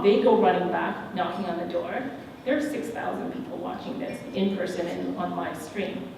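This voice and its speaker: A woman's voice: medium pitch, a little hiss or hum. A middle-aged woman tells a personal story in a keynote speech and acts out the dialogue as she goes. Her voice is heard from a distance, with strong echo and a long reverb tail. A faint murmur of the room sits behind her. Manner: candid, animated storytelling with quoted dialogue. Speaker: keynote speaker. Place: large hotel event hall. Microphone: handheld microphone. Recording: distant, echoey hall recording with faint ambience.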